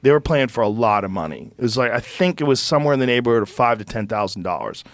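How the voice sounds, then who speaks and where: A man's voice: mid-range voice, fast talker, no echo. Middle-aged man telling a profane story. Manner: animated, profane, acts out quotes. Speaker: podcast host. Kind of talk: casual storytelling conversation.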